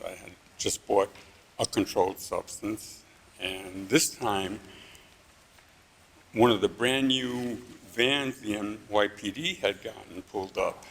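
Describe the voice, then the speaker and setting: A man with a low, gravelly voice tells a story at a live story slam. His delivery is dry and understated, with a deadpan humor. A faint hum of the event sits behind him.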